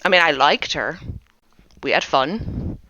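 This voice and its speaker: A woman's voice: low voice, takes it slowly, bright, forceful tone, highs cut off, slight background noise, pitched below the performer's own voice, exaggerated voice. A woman voicing a sardonic male employee who talks in a dry, wry way.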